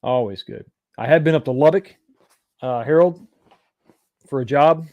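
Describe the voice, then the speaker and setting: A man's voice: medium pitch, moderate pace, a little mellow, dry recording, dull audio. A man from East Texas, hosting a casual livestream and rambling as he reads viewer comments aloud and answers them. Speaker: livestream host.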